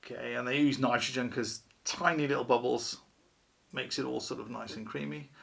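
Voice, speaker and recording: A man's voice: medium pitch, fairly even intonation, normal speed, gravelly, fairly bright tone. A man hosting a casual beer review vlog, chatty and wry, poking fun at himself. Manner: chatty, wry, self-deprecating.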